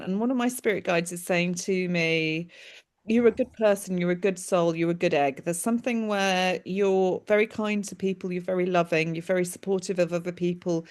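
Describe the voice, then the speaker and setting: A woman working as a medium, giving a lively reading over a video call, laughing often and calling people "my darling". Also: lowish voice. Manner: animated, laughs often, relays spirit messages with warm endearments.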